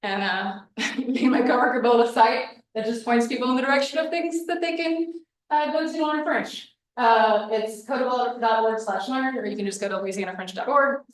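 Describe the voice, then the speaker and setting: A woman presenting a casual workshop, chatty and animated, acting out quoted reactions as she explains things. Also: on the high side, moderate pace, hardly any pauses. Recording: echoey room, mic from far off.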